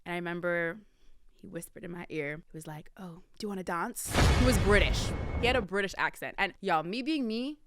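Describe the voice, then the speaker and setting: A woman in her early twenties, hosting a podcast and telling a casual story to her listeners. She talks in a chatty way, addresses them as y'all, and swings her pitch and volume for drama. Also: brisk, heavy background noise. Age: early 20s. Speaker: podcast host.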